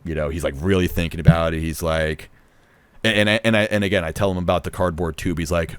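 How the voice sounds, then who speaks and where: A man's voice: extremely low pitch, a little fast, smooth, no echo. A young man casually telling a long story to camera, rambling with many fillers and restarts and quoting what people said. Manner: rambling, lots of fillers and restarts, nervous laughs; acts out others' lines in quoted voices. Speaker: vlogger recounting a festival trip.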